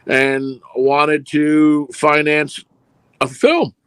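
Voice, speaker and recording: In a casual interview, this middle-aged film producer rambles through long stories and dramatizes their dialogue. His slightly high voice is level, clear, and resonant, he draws out his words, and there is no echo.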